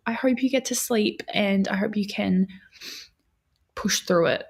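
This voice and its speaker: Young woman, livestream host; gravelly, rough-edged voice, easygoing chatter with viewers. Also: medium pitch, measured pace, pauses often. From Australia. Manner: chatty, rambling, answers viewer chat, many fillers. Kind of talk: casual livestream chat.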